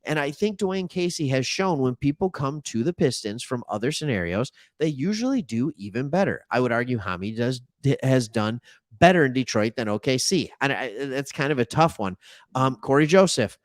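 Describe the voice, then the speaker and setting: A man hosting a casual sports talk show, rambling and correcting himself with animated asides. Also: mid-range voice, moderate pace, no echo, clean studio sound. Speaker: sports podcast host.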